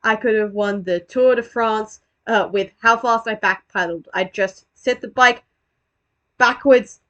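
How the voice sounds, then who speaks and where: A woman's voice: mid-range voice, measured pace, a bit bright. A woman giving casual, self-deprecating commentary on her own old video, rambling, swearing and restarting her sentences.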